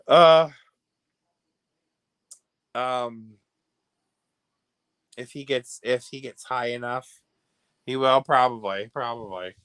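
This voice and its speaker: An American man hosting a casual livestream, gossiping and reacting to viewer comments, laughing often and swinging between hushed asides and loud bursts. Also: medium pitch, takes it slowly, pauses often, clear, resonant tone, no echo. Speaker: livestream host.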